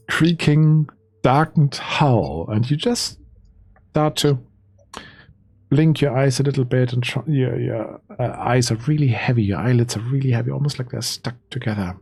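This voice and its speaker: A man narrates a tabletop adventure as the game master, pausing and restarting as he builds the scene. His voice is husky and slightly breathy, at an ordinary pitch. The sound is close and dry, with no room behind it. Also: a little mellow, no echo. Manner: slow, hesitant storytelling with restarts.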